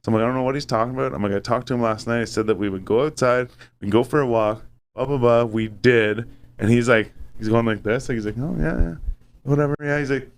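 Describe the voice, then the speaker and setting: A man's voice: mid-range voice, fast, smooth. Profane man telling a story. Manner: profane, animated, acts out quoted voices. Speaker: podcast host. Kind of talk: casual storytelling chat.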